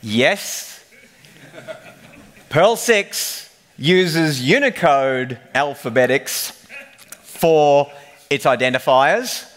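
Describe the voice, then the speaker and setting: A man's voice: medium pitch, fairly bright tone. A man giving a humorous technical conference presentation, telling the story like a joking storyteller. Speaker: conference speaker.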